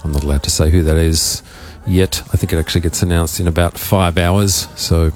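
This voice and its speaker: A man with an Australian accent hosting a live dance radio show, rambling loosely with plenty of fillers and a croaky voice. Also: low-pitched, fairly even intonation, a little fast, a little mellow. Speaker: radio host and DJ. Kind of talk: casual live radio talk. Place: radio studio.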